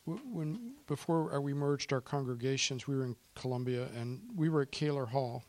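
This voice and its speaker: A man's voice: mid-range voice, normal speed, dry recording. Male pastor, church talk, choked-up sincerity turning to prayer. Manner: emotional, softly spoken then fervent in prayer. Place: church service.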